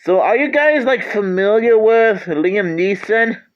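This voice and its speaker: A man's voice: high-pitched, expressive, unhurried, dull audio, a little hiss or hum. A man giving a casual movie review, stammering and often restarting his sentences.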